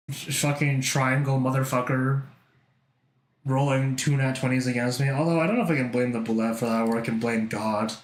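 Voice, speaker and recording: A man's voice: medium pitch, echoey room. A man chatting casually while drawing on a livestream, rambling, swearing a lot and laughing often. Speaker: art streamer.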